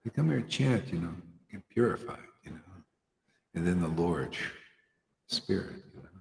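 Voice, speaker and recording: A man's voice: low voice, expressive, moderate pace, vocal fry, a little hiss or hum. Earnest man preaching casually in a roomy hall. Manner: casual, earnest, slangy, with frequent "you know" and "man". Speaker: spiritual teacher. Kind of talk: informal devotional talk to a small group.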